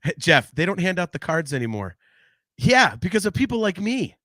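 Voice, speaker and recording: A man hosting a casual podcast chat, animated and rambling, swearing freely into a close microphone. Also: high-pitched, moderate pace, no room sound. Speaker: podcast host.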